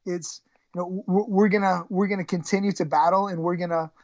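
A woman wrestling coach talks in a gravelly voice, often stumbling and repeating herself as she tells her story. The recording is close and dry with a slightly dull, lo-fi tone. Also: on the low side, steady tone, no echo. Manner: halting, repeats words, emotional retelling. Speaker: high school wrestling coach. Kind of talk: storytelling in a podcast interview.

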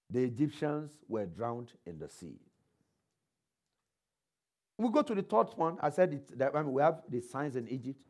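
Animated preacher, high lively voice. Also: male voice. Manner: call-and-response, quoting scripture, rhetorical questions; varies pace and loudness for emphasis. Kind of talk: sermon.

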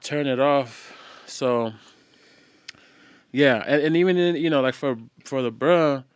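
A tired man co-hosting a podcast, talking in a relaxed, slangy, casual way. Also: medium pitch, takes it slowly, clear, resonant tone, dry recording, clean studio sound. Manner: relaxed, slangy, laid-back. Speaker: podcast co-host. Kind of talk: casual chat.

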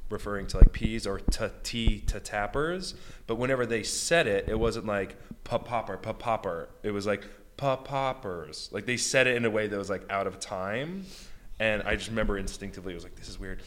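A man's voice: lowish voice, fairly quick, fairly bright tone. An American man chatting enthusiastically as an interview guest, with lots of "like" and "you know". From United States. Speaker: beatboxer and guest. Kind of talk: casual interview chat.

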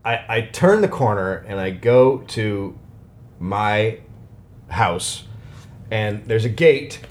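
A man co-hosting a podcast, telling rambling stories in casual chat, swearing a lot and breaking into animated quoted outbursts. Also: on the low side, takes it slowly. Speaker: podcast co-host.

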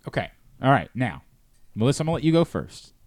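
A man hosting a casual talk show, his voice swinging up and down with lively intonation. He rambles, cuts in and wanders off topic before circling back. The sound is dry and close. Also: medium pitch, fast, no echo. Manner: rambling, interrupts often, jumps between thoughts. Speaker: host. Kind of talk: casual studio chat giving feedback.

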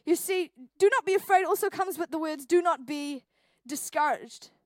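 A young woman, preaching a church sermon and telling a funny personal story with animated, jokey delivery. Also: very high voice, moderate pace, dry recording. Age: 20s. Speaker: youth pastor. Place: church hall.

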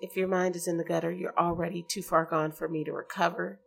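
A woman's voice: lowish voice, little pitch movement, fast, creaky. A woman hosting a podcast alone, talking to her listeners in a chatty, earnest way with many "like" and "um" fillers. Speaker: podcast host. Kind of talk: casual solo podcast monologue.

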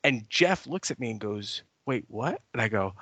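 An older man co-hosting a podcast, telling stories in an animated way and swearing freely in casual chat. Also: lowish voice, a little fast, no echo. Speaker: podcast co-host.

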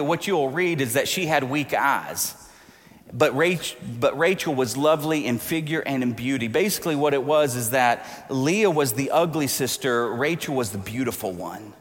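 A man in his forties preaching a sermon, telling animated, jokey stories and acting out the dialogue. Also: medium pitch. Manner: animated, jokey storyteller who acts out dialogue. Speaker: pastor. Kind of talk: sermon with personal storytelling. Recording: long hall reverb.

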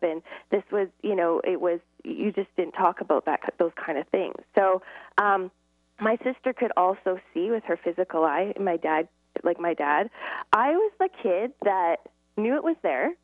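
A woman's voice: fairly low pitch, lively intonation, moderate pace, dry recording. A middle-aged woman, a guest, telling stories earnestly, acting out dialogue and laughing often. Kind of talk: casual interview storytelling. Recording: tinny phone-line audio, dry.

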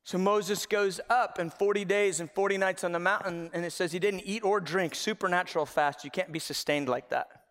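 A man preaching a sermon as pastor, telling a Bible story with animated delivery and acted-out voices and shouts. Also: high-pitched, moderate pace, few pauses, big-room sound. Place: church sanctuary.

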